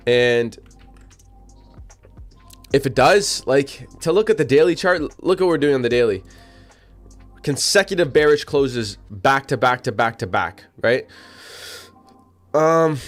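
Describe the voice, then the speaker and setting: A man hosting a live trading stream, talking casually and directly to his chat with slangy, repetitive phrasing, hiccuping now and then. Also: medium pitch. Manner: chatty, slangy, addresses chat directly, repeats himself. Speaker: livestream trading host. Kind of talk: casual livestream commentary.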